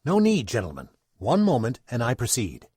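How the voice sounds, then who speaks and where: Theatrical male storyteller, lively pitch. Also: moderate pace, husky, dry recording, studio quality. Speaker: narrator. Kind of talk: dramatic old-time radio narration.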